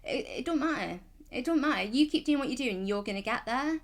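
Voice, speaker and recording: A woman's voice: sits high, lively intonation, fairly quick. A woman, talking casually in a vlog, chatty and rambling, frank and reassuring. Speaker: vlogger.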